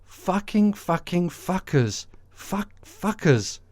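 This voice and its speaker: Brief: man doing a mocking impression of a foul-mouthed president, higher and drawn out, dry sound. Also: big pitch swings, slow pace, darkish tone, dry recording, exaggerated voice. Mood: muttering angrily. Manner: crude, muttering curses. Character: swearing, gloating male president, alone and fuming.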